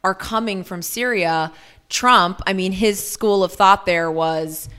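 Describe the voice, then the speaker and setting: A woman's voice: mid-range voice, slow, bright, forceful tone, clear, resonant tone. A woman co-hosting a podcast, ranting casually about politics with sarcasm and a lot of swearing. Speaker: podcast co-host.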